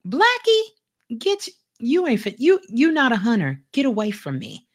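A woman's voice: high voice, huge pitch swings, normal speed, pitched above the performer's own voice, heavily acted. A woman storyteller voicing a defiant elk who scolds a young wolf. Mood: scolding.

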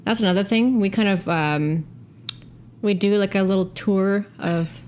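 A woman co-hosting a podcast in rambling, casual banter, full of little fillers and quick laughs. Her voice sits at an ordinary middle pitch, with a faint hiss of noise behind it. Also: a little mellow. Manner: chatty, rambling, laughs easily, many fillers. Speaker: podcast co-host.

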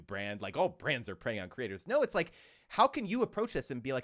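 A man talking as a podcast guest in casual conversation, animated and acting out quoted dialogue with lots of fillers. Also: medium pitch, fast talker.

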